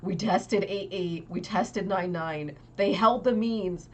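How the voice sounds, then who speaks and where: Young female streamer, slightly low pitch, rapid casual chatter full of "like," faint background noise. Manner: chatty, quick and exasperated, lots of "like". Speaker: trading livestream host. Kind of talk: casual market commentary to chat.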